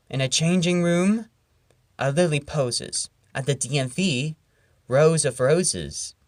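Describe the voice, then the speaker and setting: A channel host reading comic poems aloud in a playful, animated way, with sudden loud and whispered turns. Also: mid-range voice, no room sound, studio quality.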